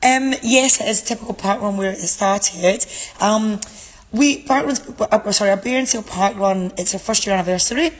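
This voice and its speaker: A woman's voice: mid-range voice, moderate pace, in a large hall. A woman from Scotland with a Scottish accent, chatting in a casual interview about her local event, with many fillers. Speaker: guest event organizer.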